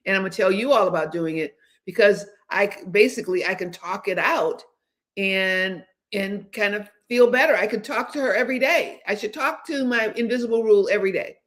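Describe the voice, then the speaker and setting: A woman's voice: mid-range voice, fairly quick, fairly bright tone. A woman in her seventies, hosting a casual livestream chat, rambling along with many restarts and hesitations. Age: 70s. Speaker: host.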